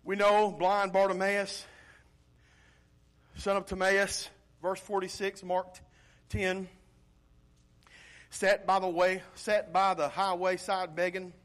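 A male pastor preaching an animated sermon, swinging from loud emphasis to quiet intensity. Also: sits high, takes it slowly, pauses often.

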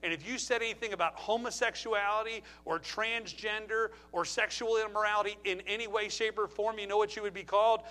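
A middle-aged male pastor delivering a sermon in a church, his voice pitched high for a man. He presses his points with rhetorical questions and hammering repetition, in a bright, forceful tone. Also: steady tone, brisk, hardly any pauses. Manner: emphatic, rhetorical questions and repeated phrases.

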